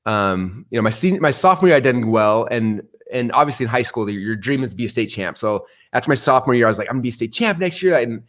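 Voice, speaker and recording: Man, middle-aged, interview guest, lively storyteller, rapid delivery. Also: mid-range voice. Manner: energetic, animated storyteller who acts out quoted voices.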